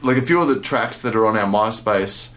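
A young man from Australia, a bass player, recounting his story with many pauses, fillers and restarts. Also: fairly bright tone. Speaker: bass player and interview guest. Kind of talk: casual storytelling interview.

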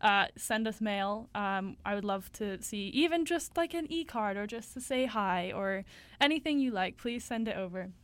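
A woman's voice: medium pitch, expressive, moderate pace, clear, resonant tone. A young woman co-hosting a campus radio show, chatting casually and playfully with lots of fillers. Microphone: studio microphone.

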